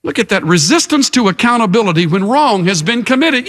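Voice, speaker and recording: A man's voice: high voice, very animated, fairly quick, fairly bright tone. A male preacher giving a sermon in an emphatic, dramatic way. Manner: emphatic and dramatic, acts out the characters.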